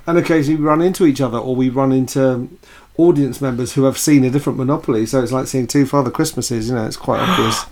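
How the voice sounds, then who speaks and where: A man co-hosting a podcast in casual chat, relaxed and chatty, laughing easily as he tells stories about acting. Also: medium pitch, fast talker, hardly any pauses, a little hiss or hum. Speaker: podcast co-host and actor.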